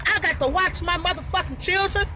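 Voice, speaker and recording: A woman rants from the seat of her car, swearing hard and circling back to the same points in exasperation. Her voice sits high, and street noise carries in clearly around her. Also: fairly quick. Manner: heated, repetitive, swearing, exasperated. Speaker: livestreamer ranting in her car. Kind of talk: angry profane rant. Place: inside a parked car outdoors.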